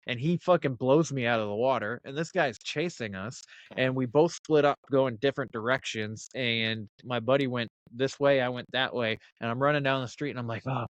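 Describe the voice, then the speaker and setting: A man's voice: medium pitch, no room sound. A man hosting a podcast, telling stories in casual chat and swearing often. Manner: swears often, animated storyteller. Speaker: podcast host.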